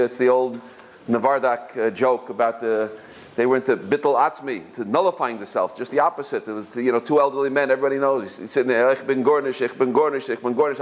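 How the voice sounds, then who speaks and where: A man giving an informal religious lesson, telling stories and often repeating words as he searches for his phrasing. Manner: storytelling, jumps higher when quoting others. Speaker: Torah teacher.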